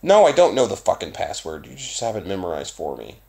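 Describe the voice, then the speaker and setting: Man, young adult, Southern US accent, deep, gravelly, profane rambling solo podcast. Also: huge pitch swings, fairly quick. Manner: profane, rambling, self-mocking, bursts of loud emphasis. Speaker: podcast host. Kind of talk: casual rambling monologue.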